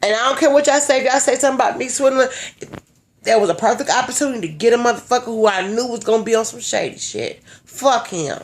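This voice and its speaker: A woman's voice: fairly high pitch, fast. A young woman telling a story in a blunt, brash way, swearing freely. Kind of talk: casual profane storytelling.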